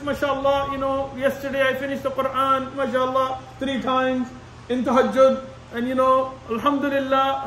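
High-voiced man preaching in an echoey hall. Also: slight background noise. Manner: conversational, repetitive, sprinkles Arabic terms. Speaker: imam lecturer. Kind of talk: Islamic lecture. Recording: echoey room, mic at a distance.

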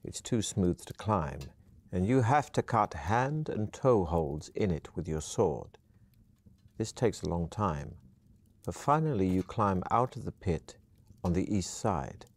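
A man narrating an interactive video adventure game in a measured storytelling manner. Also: sits low, lively intonation.

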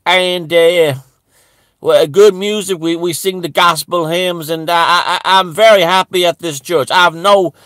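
A man's voice: sits high, steady tone, measured pace, a bit bright, no echo. A man doing a stammering, bigoted churchgoer. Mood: rambling. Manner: stammering, with constant restarts and repeated words. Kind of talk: satirical character monologue.

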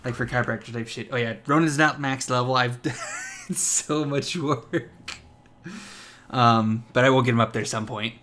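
Over game sounds and music, a young man narrates a story in loose, rambling gameplay commentary, cursing and laughing often. His mid-range voice is fairly bright, with fairly even intonation and a moderate pace, and there's slight background noise.

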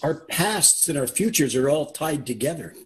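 A man's voice: a little high, animated, moderate pace. A man hosting and introducing a video call interview, speaking earnestly and often repeating himself. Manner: earnest, repeats words while he talks. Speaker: interviewer, host. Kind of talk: casual talk to viewers and interview.

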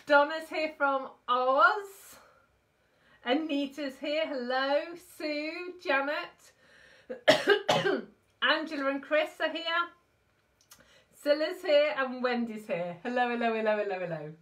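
A woman's voice: sits high, animated, slow, pauses often, a bit bright, far from the mic. A woman from the UK hosting a casual craft live stream, out of breath and chatty, greeting viewers by name.

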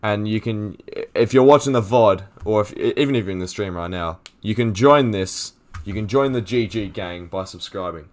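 A teenage male streamer giving live gaming commentary, loud, profane and excitable as he rants. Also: fairly low pitch, normal speed.

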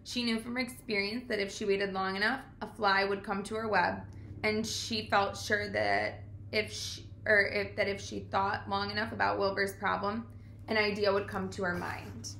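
Bright-voiced woman reading a storybook. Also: medium pitch, gravelly, roomy sound, slight background noise. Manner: calm, measured storytelling. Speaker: reader. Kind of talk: reading a children's book aloud.

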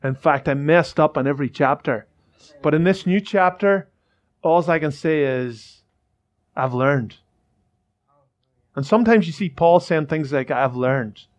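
A man's voice: a little high, moderate pace. A male pastor preaching a sermon in church, fervent and repetitive, with many restarts.

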